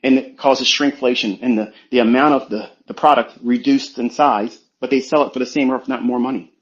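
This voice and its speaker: A man, a trading mentor, giving a forceful motivational rant full of swearing and rhetorical questions. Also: mid-range voice, steady tone, brisk. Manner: forceful, profane, preachy. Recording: dull lo-fi sound.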